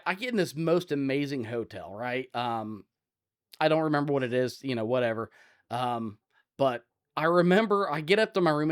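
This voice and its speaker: A man around forty from Ohio, co-hosting a podcast and telling loud, animated stories in casual chat. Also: on the high side. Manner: loud, animated storyteller, acts out scenes. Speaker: podcast co-host.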